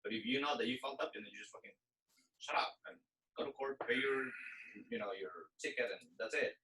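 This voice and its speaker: A man's voice: medium pitch, a little fast, sharp tone, recorded from a distance, slight background noise, poor audio. A man in a casual chat who explains his views in a matter-of-fact way.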